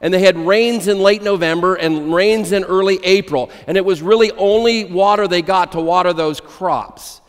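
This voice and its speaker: A male pastor delivering a sermon in a church sanctuary, his fairly high voice carrying with a long, ringing reverb. He speaks emphatically, repeating key phrases and weaving in illustrative stories. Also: moderate pace, hardly any pauses.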